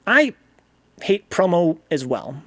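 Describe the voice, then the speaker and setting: At a slow pace, a man with a high, sing-song, slightly bright voice hosts a casual live game stream, with no echo on the recording. He rambles, chats, reads messages from chat aloud, and swears casually as game music plays.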